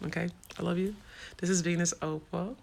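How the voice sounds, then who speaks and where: A woman's voice: lowish voice, fairly even intonation, a little fast, creaky, a little mellow. A woman hosting a casual livestream, frankly answering viewer comments in a streetwise way. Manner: frank and streetwise, swears freely. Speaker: livestream host.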